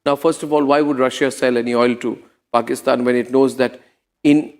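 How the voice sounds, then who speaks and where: A man's voice: mid-range voice, fairly even intonation, fairly quick, big-room sound. A male news debate host, delivering a sarcastic, emphatic televised monologue full of rhetorical questions.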